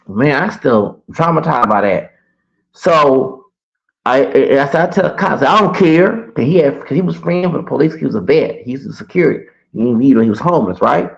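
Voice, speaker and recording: A man's voice: fairly high pitch, gravelly, lo-fi sound. A man telling a rambling, profane story on a casual livestream through a computer mic. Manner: rambling, profane, repeats himself.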